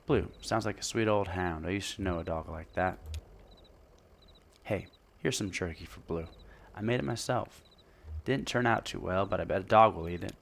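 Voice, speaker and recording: A man's voice: low-pitched, normal speed, gravelly, slight background noise. A man voicing a folksy, chatty older male gas station owner with a put-on drawling country voice. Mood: friendly.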